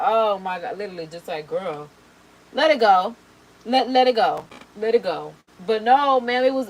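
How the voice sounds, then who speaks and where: A woman's voice: a little high, low-quality recording. A woman chatting casually while doing her makeup on camera. She talks in slang and repeats words for emphasis. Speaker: beauty vlogger.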